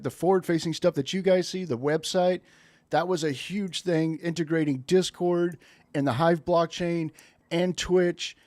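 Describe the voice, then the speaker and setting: Brief: man, team member, enthusiastic, voice on the higher side, dry close sound. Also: darkish tone, no room sound. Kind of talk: casual livestream chat.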